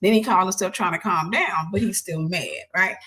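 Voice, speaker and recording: Speaking a little fast in a lowish voice, a woman host shares a personal story with casual animation. She takes on other people's voices for their quotes and at times sinks into a soft near-whisper.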